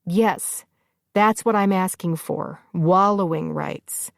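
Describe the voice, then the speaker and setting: A woman narrator voicing a panicked, tearful young warrior woman, pitched up and pleading in an audiobook. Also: slow pace, vocal fry, no room sound, studio quality. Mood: teary, wry. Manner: distraught, sobbing, self-blaming.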